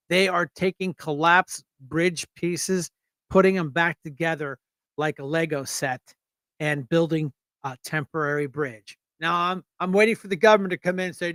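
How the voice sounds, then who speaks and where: A man's voice: fairly high pitch, a bit bright, clear, resonant tone, no room sound. A man hosting a casual political livestream, with an Erie, Pennsylvania accent, blunt and joking as he rambles. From United States. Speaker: show host.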